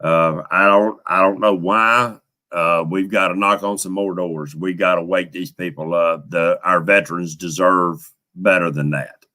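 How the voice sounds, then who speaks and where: A man's voice: low voice, steady tone, unhurried, bright, forceful tone. A middle-aged man, hosting a live fishing stream and talking in a folksy, heartfelt way while thanking viewers by name. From United States. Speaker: fishing channel host. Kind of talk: casual live stream chat.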